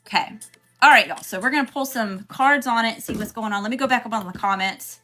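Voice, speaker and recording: A woman talks her way through a spiritual livestream in a relaxed, chatty way, calling out viewers by name and saying y'all. Her voice is bright and a little sharp. Soft music plays faintly behind her. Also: a little high, quick pace. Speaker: spiritual reader hosting a livestream. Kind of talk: casual livestream chat.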